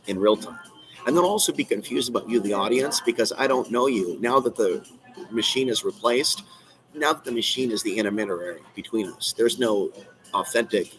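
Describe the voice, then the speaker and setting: A man's voice: fairly low pitch, a bit bright, low-quality recording. A man hosting a live stream, ranting in an agitated, rambling, repetitive way from a coffee shop. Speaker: channel host.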